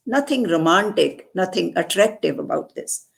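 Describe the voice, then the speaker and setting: A woman reciting a poem and explaining it, repeating lines slowly for emphasis. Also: fairly low pitch, creaky. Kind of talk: poetry recitation with commentary.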